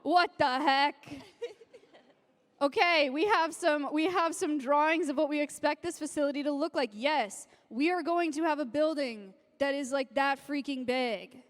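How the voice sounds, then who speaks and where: Excited woman on a reverberant stage. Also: high-pitched, moderate pace, hardly any pauses. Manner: excited, gushing, emotional. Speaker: sanctuary founder presenting on stage. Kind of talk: live-streamed stage announcement. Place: large convention hall with live audience. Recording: long hall reverb.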